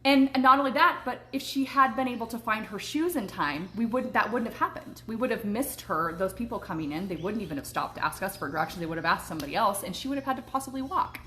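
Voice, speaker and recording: A woman livestreaming a casual story, animated, laughing often and swearing freely. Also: medium pitch, quick pace, hardly any pauses. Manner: eating while talking. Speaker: manifestation coach and vlogger.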